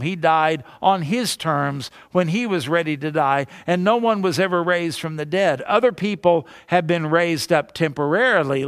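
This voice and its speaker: A male pastor delivering a sermon in a fairly high voice, pressing his points with emphatic repetition and rhetorical questions. The recording is dry and close, with little room sound. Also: smooth, no echo.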